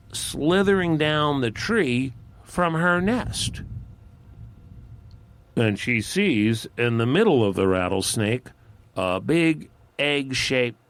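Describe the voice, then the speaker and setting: Folksy, unhurried campfire storyteller man. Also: lowish voice, a little hiss or hum. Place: outdoors in the desert at a campfire. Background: faint outdoor ambience.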